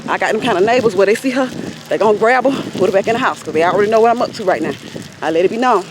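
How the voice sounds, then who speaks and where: A woman's voice: medium pitch, racing, background noise. A woman vlogger telling a story in a casual, chatty way and talking straight to her viewers while out on a walk. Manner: chatty, addresses viewers directly. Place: outdoors while out walking.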